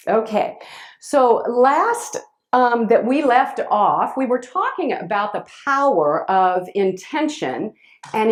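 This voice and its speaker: A woman speaker telling a personal story to a live audience. She is expressive and halting, with restarts, and swings between loud and hushed. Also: mid-range voice. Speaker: motivational speaker.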